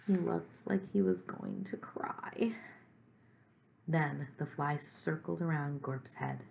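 A woman reading a children's chapter book aloud, gently and slowly, adding chatty asides to her listeners and at times dropping to a whisper. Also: sits low, sing-song, vocal fry, a little hiss or hum. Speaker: reader. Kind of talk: storybook read-aloud for children.

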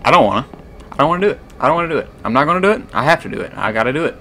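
A young man with a bright voice, playing a horror game and narrating aloud. He shouts in fright, mutters to himself, and talks close to a desk mic at home. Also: fairly high pitch, animated, very fast, a little hiss or hum. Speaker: gaming YouTuber.

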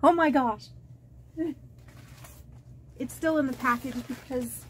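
A woman vlogger chatting to camera as she opens fan mail, halting and rambling with many fillers and restarts, gushing and easily moved. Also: high-pitched, slight background noise. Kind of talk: casual unboxing chat to camera.

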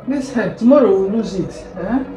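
A Nigerian woman vlogging at home, softly coaxing her child as she fixes its hair. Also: mid-range voice, lively intonation, moderate pace, roomy sound, over music, poor audio. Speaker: vlogger mother. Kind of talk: casual family vlog.

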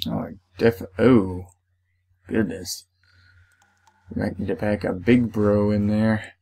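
A man's voice: lowish voice, steady tone, takes it slowly, creaky, mellow. A young man hosting a let's play, chatting casually as he plays and reading the game's text aloud with playful outbursts. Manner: reads game text aloud, playful exclamations. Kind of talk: casual gameplay commentary.

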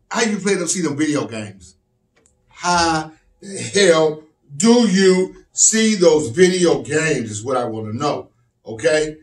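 A man doing stand-up comedy, loud and profane, often shouting. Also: a little high. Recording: echoey room from distant mic.

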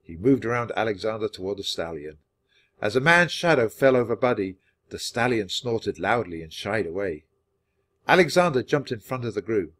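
A man narrating a children's book aloud for language learners, reading clearly and steadily. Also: lowish voice, lively intonation, normal speed, a bit bright.

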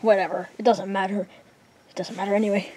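A woman's voice: medium pitch, little pitch movement, fast, dark tone, husky. A woman narrating and voicing characters in a casual homemade toy skit, rambling with many fillers.

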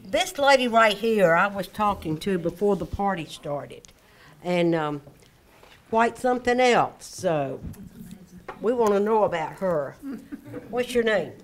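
A woman's voice: mid-range voice, expressive, takes it slowly, pauses often, slight background noise. Upbeat woman hosting a party. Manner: upbeat, chatty, jokey. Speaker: event host.

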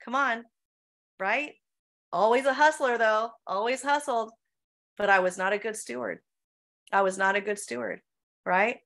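A woman's voice: fairly high pitch, measured pace, vocal fry, long pauses, a bit bright. A woman pastor of Filipino heritage, preaching in a church Q&A with emphatic rhetorical questions, often saying "right?" and "come on.". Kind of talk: preaching in a Q&A session.

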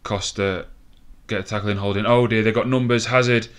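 Deep-voiced nervous gamer. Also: male voice, steady tone, a little fast, a bit bright. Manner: nervous, swearing, laughing bursts. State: out of breath. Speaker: gaming commentator. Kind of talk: excited gameplay commentary.

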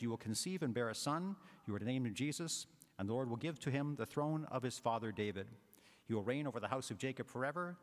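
A man preaching a homily as a priest, talking in a conversational way with fillers and asides. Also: mid-range voice. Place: large church. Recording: long church reverb.

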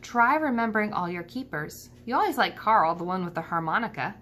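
A woman doing a gentle, hushed old elephant. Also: medium pitch, animated, fairly quick, slight background noise, lightly acted. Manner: gentle and quiet. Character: wise, kind old female elephant.

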